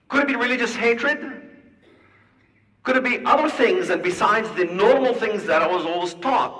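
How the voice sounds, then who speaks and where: A man with a high, bright voice gives an animated storytelling lecture. He leans on rhetorical questions and acts out dialogue. He sounds distant in a hall with long reverb. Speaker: public speaker. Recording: echoey hall from far off.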